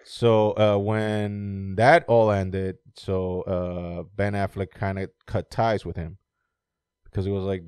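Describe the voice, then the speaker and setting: A man's voice: sits low, slow, smooth, dry recording, clean studio sound. A man chatting casually about movies, rambling, laughing often and swearing freely. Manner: animated when mocking movie scenes.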